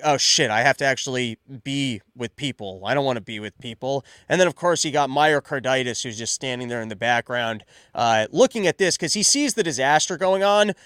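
A man's voice: on the high side, fairly bright tone, no echo. A man hosting a casual commentary show, riffing sarcastically and with animation.

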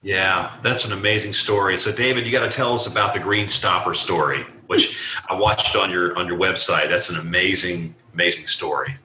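A man's voice: low-pitched, fairly even intonation, normal speed, bright, forceful tone. A man hosting an interview, friendly and prompting his guest for stories. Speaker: host. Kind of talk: casual interview. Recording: echoey room with faint noise.

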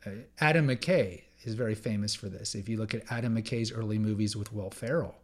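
A man's voice: lowish voice, a little fast. A man hosting a solo podcast, talking in an emphatic, conversational way, repeating key phrases for effect and often restarting his sentences. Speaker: podcast host.

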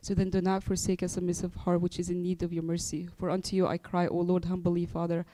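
A reader reciting penitential prayers in a quick, monotone way, with small stumbles. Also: mid-range voice, dry recording, poor audio.

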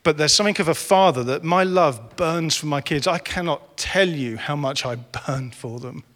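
A man's voice: on the high side, normal speed, fairly bright tone. A man in his forties preaching a sermon, earnest and rising to impassioned. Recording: reverberant hall.

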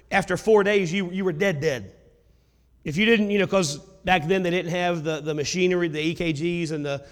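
A male preacher reading old-style scripture aloud and explaining it in casual asides. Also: sits high. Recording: long hall reverb.

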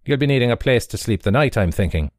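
A man playing a greasy, grinning boarding-house runner who talks fast and wheedling. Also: medium pitch, animated, a little mellow, no room sound, studio quality, voice pushed up, natural voice.

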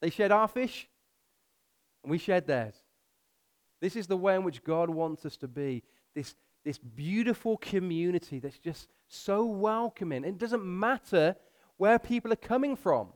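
A man with a fairly high voice preaching to his church. He climbs in pitch and volume to drive points home, then slows right down to read scripture aloud. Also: expressive. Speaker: pastor. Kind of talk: sermon.

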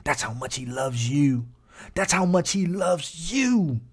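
A man's voice: fairly high pitch, lively intonation, takes it slowly, slightly rough. A man preaching a podcast sermon while seated, emphatic and repeating his phrases, chuckling often. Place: seated indoors.

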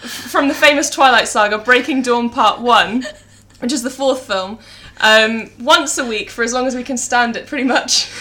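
Bright, laughing English woman co-host. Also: a little high, normal speed. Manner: lively, laughing storyteller. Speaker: podcast co-host. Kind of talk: casual chat.

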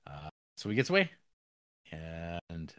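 A man's voice: sits low, huge pitch swings, slow, a bit bright, no echo, studio quality. A man co-hosting a podcast, recapping a film in a casual, rambling way full of fillers and wry, profane asides. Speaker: podcast co-host.

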